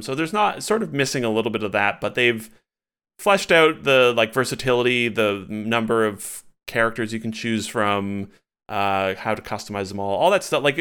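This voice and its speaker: A man's voice: lowish voice, bright, forceful tone, clear, resonant tone. A man co-hosting a casual podcast chat, talking loosely and animatedly with many fillers and restarts. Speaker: podcast co-host.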